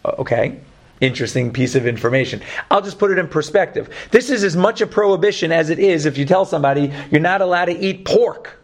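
A man with a Brooklyn accent teaching a Torah class, lively, joking and putting questions to his students. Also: a little high, a little fast.

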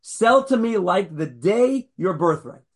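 A man giving a Torah lecture in a conversational, animated way, joking with his listeners and acting out the people in the story. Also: takes it slowly, breathy edge. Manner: animated, acts out the figures with sudden jumps in pitch and loudness; conversational, jokes with the audience.

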